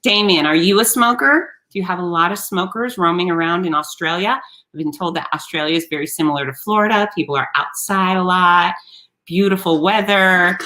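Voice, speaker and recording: A woman hosting a live-streamed talk show, chatting with viewers in an animated, sarcastic way. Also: lowish voice. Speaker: host.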